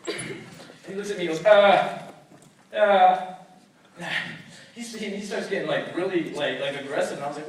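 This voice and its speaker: A young man performing a stand-up set, telling a story and acting out voices with loud outbursts. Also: high-pitched, normal speed, long pauses. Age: young adult. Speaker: stand-up comedian. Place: comedy night venue, audience laughing. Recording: echoey room, distant mic, noisy.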